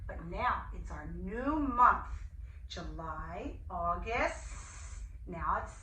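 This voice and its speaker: A woman teaching young children in an online class, speaking in a sing-song, slow and gently enthusiastic way with gasps of delight. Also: medium pitch, animated, far from the mic. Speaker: preschool teacher. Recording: echoey room, voice a bit off-mic, faint hiss.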